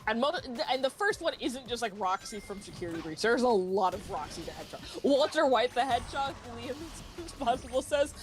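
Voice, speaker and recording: A woman co-hosting a casual livestream, her fairly high voice bouncing all over as she reads out chat messages. She giggles often and talks in an animated rush, with faint game music behind her. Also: a little fast, few pauses. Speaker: stream co-host reading chat.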